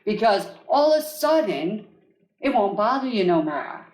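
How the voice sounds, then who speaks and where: A woman's voice: medium pitch, big pitch swings, a little slow, a little mellow, echoey room. Emphatic woman chanting affirmations. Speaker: energy healer hosting a live call. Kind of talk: live coaching call.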